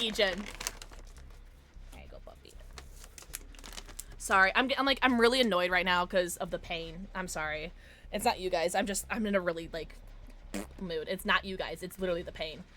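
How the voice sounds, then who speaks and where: A woman's voice: medium pitch, pushed and bright, slight background noise. Blunt, chatty young woman streamer. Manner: chatty, frank, talks straight to her viewers; blunt and irritable, swears. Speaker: game streamer. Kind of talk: casual livestream chat.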